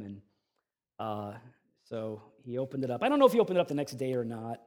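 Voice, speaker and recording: A middle-aged male pastor preaching a sermon, telling a story in a relaxed conversational way with fillers. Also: mid-range voice, fast talker.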